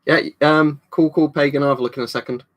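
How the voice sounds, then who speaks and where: A man's voice: a little high, steady tone, fast talker. A British man chatting on a livestream, reading out viewer comments and rambling with many ums and restarts. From United Kingdom. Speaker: livestream host.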